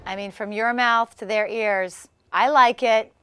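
A woman's voice: on the high side, steady tone, measured pace, sharp tone, smooth, no room sound, studio quality. A woman in her thirties, a guest on a TV talk show, speaking in a bubbly, chatty and upbeat way. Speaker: guest, former Olympic swimmer. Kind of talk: casual TV interview.

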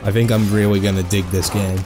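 A man giving casual, jokey let's-play commentary, excitable and full of goofy asides. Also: lowish voice, fairly quick, over music. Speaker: gameplay commentator.

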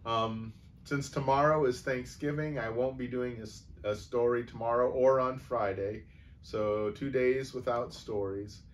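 A man reading a humorous story aloud for a church audience, then signing off in a relaxed, folksy way with fillers. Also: medium pitch, measured pace.

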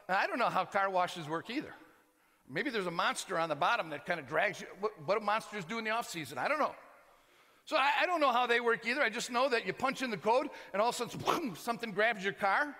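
An American man preaching, telling a comic story with shouts and laughter in an animated way. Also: sits high, quick pace. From United States. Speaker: pastor. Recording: long hall reverb.

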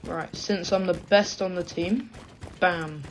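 A woman with a British accent giving excitable, self-mocking gameplay commentary. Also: on the low side, takes it slowly, slight background noise. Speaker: gaming channel host.

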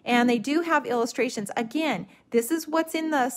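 A middle-aged woman teaching a watercolor stamping technique in a live craft demonstration, talking in a relaxed, gently instructive way and often restarting her sentences. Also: high-pitched, moderate pace.

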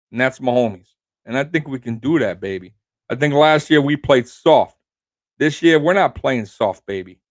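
A man hosting his own sports prediction show, brash and trash-talking, swinging between loud hype and low growly asides and tagging lines with "baby". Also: no echo, clean studio sound. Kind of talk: fan score prediction rant.

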